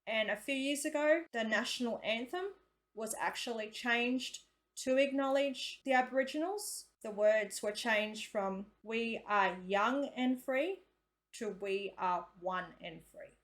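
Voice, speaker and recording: A woman's voice: a little high, measured pace. An Australian woman hosting a reaction video, talking in a chatty, casual way and using slang like mate and reckon.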